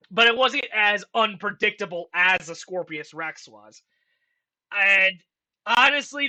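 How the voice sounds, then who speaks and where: A young man giving casual, rambling commentary as a channel host, excitable and swearing often. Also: high voice. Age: young adult. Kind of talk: casual commentary ranking a franchise.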